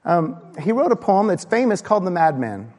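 A man preaching a sermon in a church, his voice sitting a little high for a man. He swings between loud, raised bursts and low, hushed lines. A long reverb from the hall trails after his words. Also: sing-song, fairly quick. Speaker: pastor.

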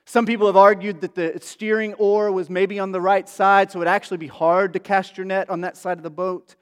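A man's voice: high voice, little pitch movement, brisk, smooth. A man preaching a casual, conversational sermon as a pastor, full of asides and fillers. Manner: chatty, many asides and fillers. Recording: long reverb of a large hall.

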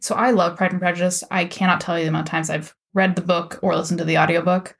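Podcast cohost lady, lowish gravelly voice, dry jokes. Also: steady tone, fast talker. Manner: dry, joking asides. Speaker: podcast co-host. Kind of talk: casual chat.

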